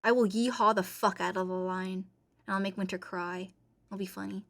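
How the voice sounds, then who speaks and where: A woman's voice: mid-range voice, steady tone, moderate pace, vocal fry, fairly bright tone. A woman streamer in casual chat, reading and answering chat, playful and rambling with frequent giggles.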